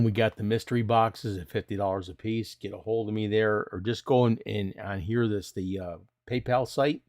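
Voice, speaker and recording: A man's voice: fairly low pitch, darkish tone. A middle-aged man hosting a casual live stream, chatting in a folksy way and reading out viewer questions.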